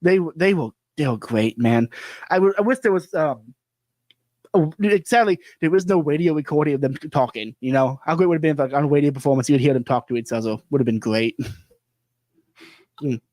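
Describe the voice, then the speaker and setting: A man's voice: medium pitch, a little fast, a little mellow, no echo. A man hosting a podcast, telling stories animatedly and laughing often in casual conversation. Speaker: podcast host.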